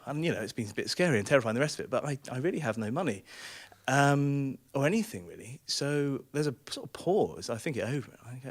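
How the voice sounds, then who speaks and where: A man's voice: mid-range voice, very animated, quick pace. A man telling a comic personal story on a small theatre stage, self-deprecating and laughing through his lines.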